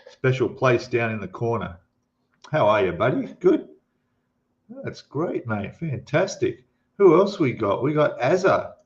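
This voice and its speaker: A man's voice: mid-range voice, dull audio. A middle-aged man hosting a casual live stream, chatting and rambling as he greets viewers by name.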